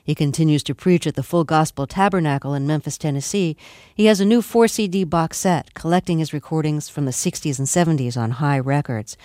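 A woman's voice: low-pitched, brisk, warm tone, no room sound, clean studio sound. A woman hosting a radio interview, asking earnest, probing questions and reading a closing outro.

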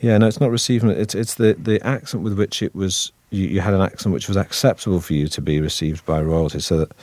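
A man with a Manchester accent talks through an interview as a guest actor. His voice sits very low, and he keeps a wry, self-deprecating tone while winding through thoughts with restarts. The sound is dry and close. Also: fairly even intonation, quick pace, a little mellow, no room sound. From Manchester, northern England. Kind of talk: relaxed interview chat.

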